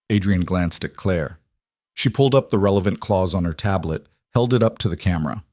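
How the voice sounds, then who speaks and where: Male narrator, low and steady, dry close read for scripted drama storytelling. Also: moderate pace, dry recording.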